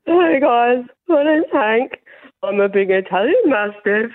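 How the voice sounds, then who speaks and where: A big, happy male mastiff introduces himself in a bouncy, sing-song voice, as a woman caller puts him on. The is clear, and the sound is thin and tinny, like a phone call. It is pitched high for such a large dog. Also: lively intonation, a little slow. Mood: playful. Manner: cheerful, chatty.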